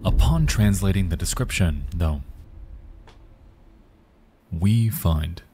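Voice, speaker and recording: A man giving a measured, ominous scripted narration for an internet mystery video. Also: sits low, lively intonation, warm tone, husky.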